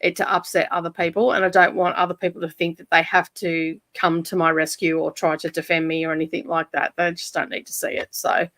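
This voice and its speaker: A woman's voice: fairly low pitch, flat delivery, a little fast, hardly any pauses, a bit bright, no room sound. An Australian woman hosting a casual reading livestream from home, chatty, laughing often and swearing lightly. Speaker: livestream host of reading sprints. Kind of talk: casual chat. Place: home room by a side street.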